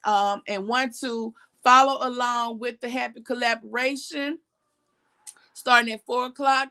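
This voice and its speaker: A woman hosting a casual talk show and reading out comments, hoarse with her morning voice and a chatty, animated way of talking. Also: a little high. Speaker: podcast host.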